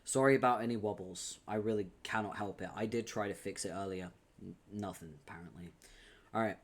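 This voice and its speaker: A man streaming at his desk mic, reading a webcomic aloud and breaking off to chat with his viewers. His talk is loose and casual, full of quick laughs and offhand swearing. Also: fairly low pitch. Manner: laughs often, swears casually, chatty asides.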